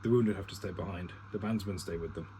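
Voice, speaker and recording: A man reading a gruff army officer, deep. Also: fast, dark tone, slight background noise, lightly acted. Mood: commanding. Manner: plain reading, little acting.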